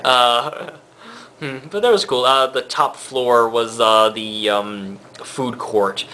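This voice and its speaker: A man's voice: mid-range voice, takes it slowly, bright, forceful tone. A young man from Rhode Island vlogging casually, rambling with lots of fillers and small chuckles. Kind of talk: casual chat.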